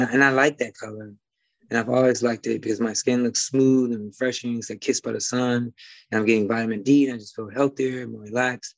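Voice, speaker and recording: A man's voice: mid-range voice, vocal fry, no room sound, highs cut off. A man from Detroit with a slight Midwest twang, a guest talking casually and rambling with many fillers and restarts. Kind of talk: casual conversation.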